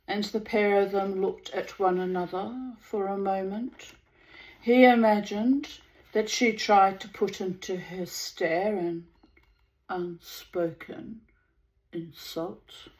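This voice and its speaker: A woman reading a story aloud in a measured way, lingering over words. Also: mid-range voice, low-quality recording. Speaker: reader of a story.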